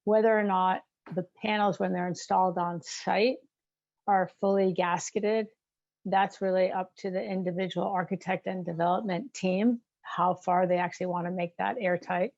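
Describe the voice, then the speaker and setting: A woman's voice: on the low side, steady tone, moderate pace, creaky, a little mellow. A woman panelist answering webinar questions in a conversational way, often asking "right?" and saying "you know". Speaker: prefab specialist panelist. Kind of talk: casual Q&A answers. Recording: dull lo-fi call audio.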